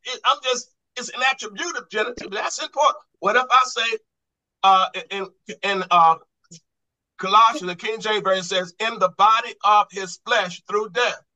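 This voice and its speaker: A man's voice: high-pitched, moderate pace, pushed and bright, poor audio. A man teaching a Bible study class on grammar, quizzing the group with repeated questions and restarting his phrases to stress a point.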